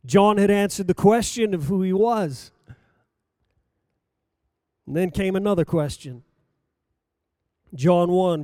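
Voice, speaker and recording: A man delivers a sermon in a high but mellow voice. He speaks slowly and deliberately, rising for emphasis and sinking quiet at the ends of phrases. The recording is close and dry. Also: no echo. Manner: slow, measured preaching that rises and falls for emphasis. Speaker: preacher.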